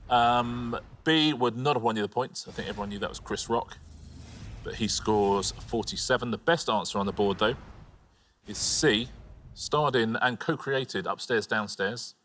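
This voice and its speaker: Lower-pitched guy going over quiz answers, a bit of faint hiss behind. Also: fairly bright tone. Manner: explains answers, measured and wry. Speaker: quiz show co-host. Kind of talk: game show commentary. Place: TV studio.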